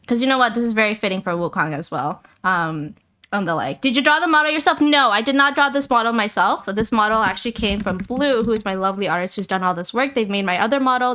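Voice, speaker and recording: A woman hosting a livestream, talking casually with her viewers in a rapid-fire, rambling, playful and teasing way. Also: fairly high pitch, sharp tone. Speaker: livestream host.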